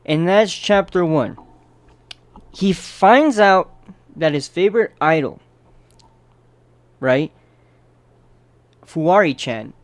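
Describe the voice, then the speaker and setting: A man's voice: on the high side, no echo. A man casually narrating a manga chapter recap in a loose, chatty way, often tossing in "right?" to check in with his listeners.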